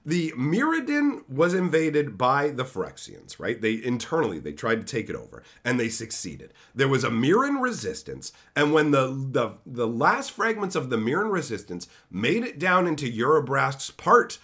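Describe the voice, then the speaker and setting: A man's voice: medium pitch, very animated, normal speed, few pauses, a bit bright. A man hosting a fantasy lore channel, retelling a story conversationally with frequent tag questions.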